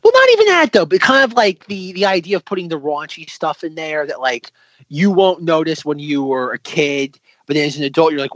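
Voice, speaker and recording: Man in his twenties, casual co-host chat, enthusiastic, stammers, animated pitch, dry dull sound. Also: brisk, dry recording. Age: 20s. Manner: enthusiastic, stammers and repeats words.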